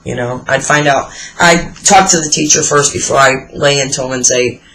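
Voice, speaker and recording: A woman's voice: extremely low pitch, normal speed, a bit bright, rough recording. Blunt, foul-mouthed woman in her forties. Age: 40s. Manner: blunt, profane storyteller. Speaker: vlogger answering a tag video. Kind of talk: casual chat.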